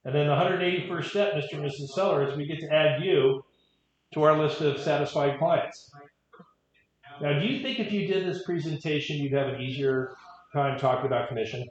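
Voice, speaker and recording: A man's voice: a little high, brisk. Real estate trainer, male, wry and conversational, echoey room, dull audio. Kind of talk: training talk with stories.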